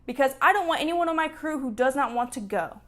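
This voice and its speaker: A woman voicing a calm, reasonable man ship captain who speaks gently and reassuringly. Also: sits high, fast talker.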